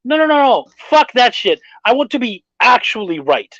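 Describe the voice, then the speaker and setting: A middle-aged man hosting a podcast, telling stories in a profane, animated casual chat. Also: very high voice, moderate pace, dry recording. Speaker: podcast host. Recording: dull dry lo-fi sound.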